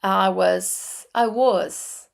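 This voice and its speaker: A woman in her forties with an Argentine Spanish accent, teaching metaphysics in a slow, deliberate way with frequent restarts. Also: medium pitch, steady tone, creaky. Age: 40s. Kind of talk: spiritual teaching talk.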